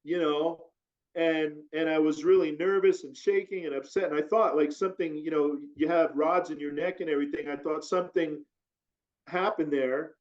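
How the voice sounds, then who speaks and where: A man's voice: a little high, moderate pace. Man telling a story casually, muffled audio. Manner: rambling, filler-heavy, animated retelling. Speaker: guest. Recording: dull lo-fi audio.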